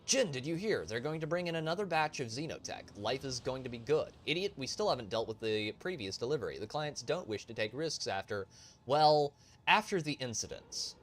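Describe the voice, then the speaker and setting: Man putting on rough smuggler voices, high and shouty, frantic, loud. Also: animated, fairly quick, slight background noise, close to an everyday voice. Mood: bickering. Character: rough panicky male smuggler crew.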